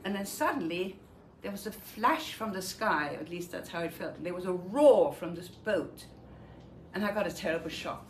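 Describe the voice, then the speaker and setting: A Danish Holocaust survivor, now older, speaks animatedly at a moderate pace in a lowish voice as she recounts her wartime experiences and acts out what was said. This memoir talk is recorded in a reverberant room with faint noise.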